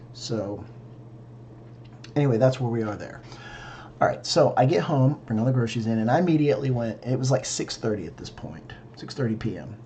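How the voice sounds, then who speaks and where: A man's voice: on the low side, warm tone, dull audio, a little hiss or hum. A tired man recapping his day in a casual vlog, rambling and correcting himself, talking in his home office late at night. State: tired, yawning. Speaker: vlogger.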